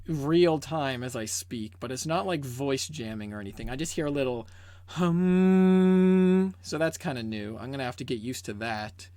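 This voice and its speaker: Young man, slightly high voice, rambling casual unboxing chat, swears offhand, home desk mic. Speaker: video creator. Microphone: desk microphone being set up.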